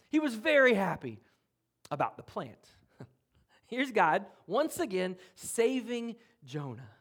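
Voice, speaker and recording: A man preaches a sermon as a pastor, his voice sitting a little high for a man. He talks in an animated way, rising loud on key points and dropping soft, with the odd chuckle. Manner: animated, with swings in loudness and chuckles.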